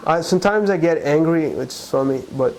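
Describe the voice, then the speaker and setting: A man from Brazil, a guest in an interview, speaking earnestly and haltingly, with frequent restarts. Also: fairly high pitch, darkish tone, low-quality recording. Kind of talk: conversational interview.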